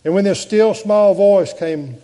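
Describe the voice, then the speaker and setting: A man preaching a sermon as pastor, swinging between loud and soft delivery. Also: high-pitched, measured pace. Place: church sanctuary. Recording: long church reverb.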